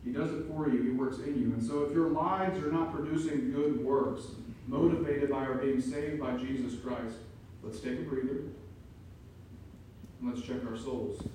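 Man preaching a sermon, emphatic, mellow tone, echoey church room, mic far off. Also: mid-range voice, moderate pace, slight background noise. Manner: emphatic, rising to loud peaks. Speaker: pastor. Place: church sanctuary.

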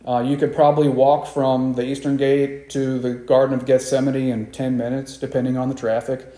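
A man's voice: medium pitch, little pitch movement, normal speed, warm tone, echoey room. A man preaching a sermon to a congregation, acting out the quoted disciples with raised, dramatic voices. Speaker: pastor.

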